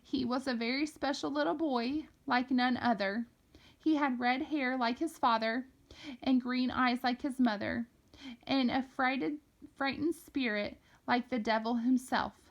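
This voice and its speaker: A grieving young girl, as a woman reading a storybook puts her on pleads in a high, tearful voice. Her words come desperate and tender. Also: steady tone, slow.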